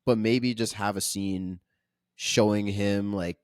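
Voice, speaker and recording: A man with a fairly low voice, co-hosting a casual film podcast. He talks thoughtfully, hedging and circling his points. The recording is dry and close. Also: fairly even intonation, takes it slowly, a little mellow, no echo. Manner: thoughtful, hedging, many fillers. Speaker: podcast co-host. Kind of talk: casual film review chat.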